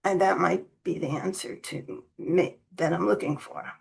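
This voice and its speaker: Slow, gravelly-voiced woman asking a question. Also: lowish voice, fairly even intonation, a little mellow, rough recording. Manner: hesitant, searching for words.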